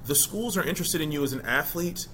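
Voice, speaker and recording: A middle-aged man, a former college football player, talking casually in an interview as an animated storyteller who keeps asking "you know?". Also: a little high, fast, a little hiss or hum.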